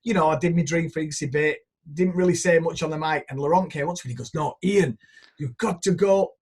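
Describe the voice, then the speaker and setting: A man's voice: fairly high pitch, quick pace, husky. A middle-aged man from northern England, chatting casually and telling rambling stories as a music producer. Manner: chatty storyteller, rambling anecdotes, swears casually. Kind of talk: casual chat.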